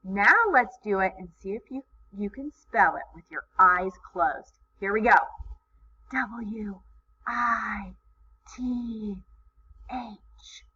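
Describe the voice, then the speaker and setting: A woman teaching kindergarten in a recorded video lesson, with slow, encouraging, sing-song teacher talk. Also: medium pitch, expressive, bright, forceful tone. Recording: slightly dull lo-fi sound, faint background noise.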